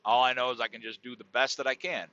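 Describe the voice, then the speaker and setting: A man's voice: medium pitch, little pitch movement, fast, bright, forceful tone, no room sound. A middle-aged man hosting a podcast, talking in a rambling, laid-back and profane monologue. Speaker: podcast host. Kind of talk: casual comedic monologue. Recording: dull dry lo-fi sound.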